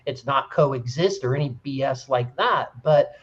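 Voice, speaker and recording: A man in an earnest group discussion, retelling stories with animated, rising emphasis. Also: medium pitch, unhurried, lo-fi sound. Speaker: discussion participant. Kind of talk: casual discussion.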